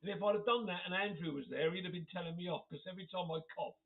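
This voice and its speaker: A man's voice: sits high, rapid-fire. Friendly man, casual live-stream chatter, giggly, thin phone-quality recording. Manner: chatty, laughs often, reads out comments. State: occasional cough. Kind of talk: casual chat to live viewers. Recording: tinny phone-like audio.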